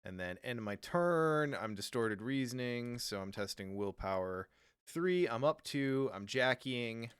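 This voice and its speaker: A man's voice: medium pitch, lively intonation, measured pace, clean tone, no room sound. A man hosting a card game podcast, joking and laughing as he talks through his moves. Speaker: podcast host. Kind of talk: casual tabletop game play on a podcast.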